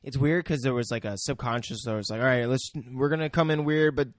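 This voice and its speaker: A young man co-hosts a casual podcast, talking in a relaxed, dry, self-mocking way. His voice sits at an ordinary middle pitch for a man. It is recorded close and dry. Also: fast, no echo. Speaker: podcast co-host.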